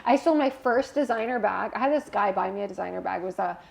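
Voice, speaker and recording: A young woman guest telling a personal story in a candid interview, animated and emotional, laughing at times. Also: mid-range voice, fast talker, gravelly.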